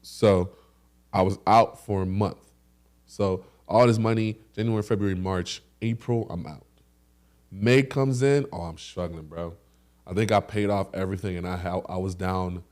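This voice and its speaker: A young man with a fairly low voice co-hosts a casual podcast. He tells stories with lots of energy and throws in sound effects to act out what happened. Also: normal speed. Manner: animated storyteller with sound effects. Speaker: podcast co-host.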